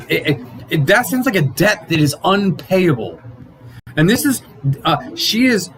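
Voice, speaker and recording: Animated man teaching Sunday school. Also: fairly high pitch, slight background noise, rough recording. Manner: animated, acts out quotes, frequent restarts. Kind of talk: casual Bible lesson.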